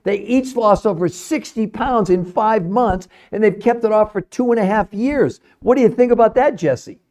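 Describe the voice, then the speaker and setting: A middle-aged man hosts a live stream and answers his chat in a pushy, salesy way, hammering the same points again and again. His voice sits fairly high for a man. The tone is mellow and soft-edged. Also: normal speed. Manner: emphatic, salesy, repeats points for effect. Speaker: livestream host, nutrition researcher.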